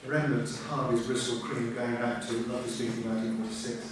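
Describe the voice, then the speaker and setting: A man's voice: mid-range voice, flat delivery, fairly quick, a crowd in the background. A man in his sixties chairing an evening talk, telling wry, digressive anecdotes as an introduction. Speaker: event chair. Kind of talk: after-dinner introduction speech. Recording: echoey hall from far off, room noise.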